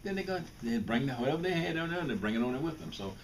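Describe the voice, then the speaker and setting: With lively intonation and a racing pace, this mid-range voice belongs to an older Mississippi guest speaker. He talks to students bluntly and informally, often restarting and repeating words, and the distant mic picks up faint noise.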